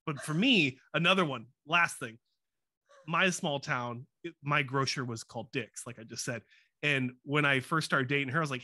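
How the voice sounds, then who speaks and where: A man with a bright, forward voice hosts a casual interview and drifts into chatty stories full of asides. The sound is dry and close, with no room around him, as on a video call. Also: mid-range voice, moderate pace, no echo. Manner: chatty, storytelling, rambling asides.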